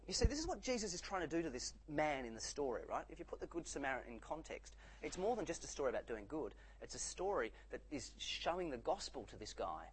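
Animated husky male preacher. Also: on the high side, rough recording. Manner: animated, acts out quoted voices. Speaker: pastor. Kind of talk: sermon.

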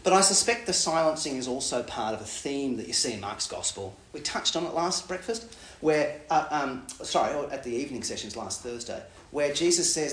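A man giving a Bible teaching talk in a lively way, acting out quoted lines with big jumps in pitch. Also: brisk, a little hiss or hum. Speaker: preacher. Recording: echoey room.

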